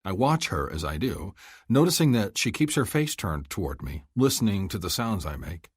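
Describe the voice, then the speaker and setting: Brief: husky, animated male narrator for a romance audiobook. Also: on the low side, normal speed, no echo, clean studio sound.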